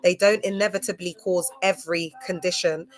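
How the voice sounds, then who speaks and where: A woman's voice: lowish voice, steady tone, fairly quick. A woman talking to livestream viewers in a loose, slangy, digressive way, drifting between topics. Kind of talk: rambling livestream talk to viewers.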